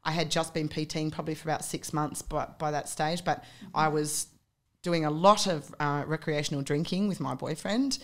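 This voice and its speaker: Low-voiced chatty woman. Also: steady tone, normal speed, a bit bright. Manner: chatty storyteller, lots of "like" and "um". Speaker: podcast guest, fitness competitor. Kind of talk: casual chat.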